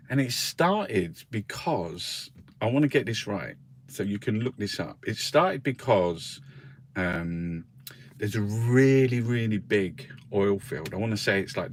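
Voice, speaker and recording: A man's voice: on the low side, animated, slow, slight background noise. A man hosting a casual newspaper review, rambling and swearing freely, with frequent laughs. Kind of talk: casual chat.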